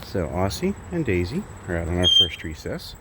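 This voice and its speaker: A man's voice: sits low, sing-song, moderate pace. A man casually walking through his backyard, chatting in a rambling, self-correcting way while filming on a handheld camera. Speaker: bird sanctuary keeper. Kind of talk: casual walk-and-talk vlog. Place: outdoors in a backyard by an aviary. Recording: noisy outdoor ambience.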